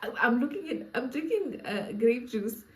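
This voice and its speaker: This storyteller vlogger, a young woman with a Namibian accent, shares a casual, laughing storytime and keeps addressing her audience in asides. Her slightly high, darkish voice is animated at a moderate pace, and the recording sounds echoey.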